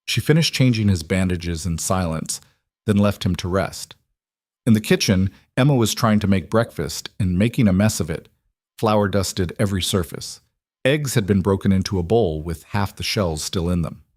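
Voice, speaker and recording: Brief: male audiobook narrator, lowish voice, steady storytelling, dry close sound. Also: normal speed, dry recording.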